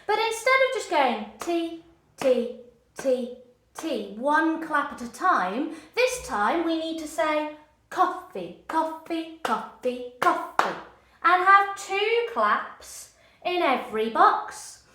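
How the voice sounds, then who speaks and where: Lively music teacher, roomy sound. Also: female voice, sits high, slow, a little hiss or hum. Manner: lively and encouraging, counting and chanting rhythms. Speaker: primary school music teacher. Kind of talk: children's music lesson. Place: room with a screen behind her.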